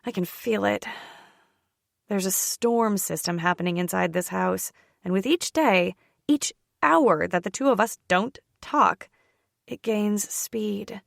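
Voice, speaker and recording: A woman narrating a first-person romance audiobook in an intimate, expressive way on a close studio mic. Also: medium pitch, slow, creaky, dry recording.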